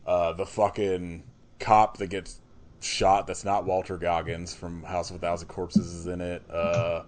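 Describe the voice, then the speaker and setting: A man's voice: deep voice, little pitch movement, unhurried. A man co-hosting a podcast, chatting casually about horror movies, swearing freely and laughing often. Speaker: podcast co-host. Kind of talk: casual chat.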